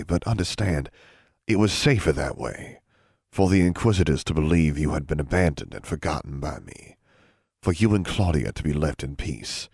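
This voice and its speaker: A man voicing a soft-spoken, feared middle-aged wizard father who talks in a calm, measured, gentle way. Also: very deep voice, gravelly, dry recording, clean studio sound, full character voice.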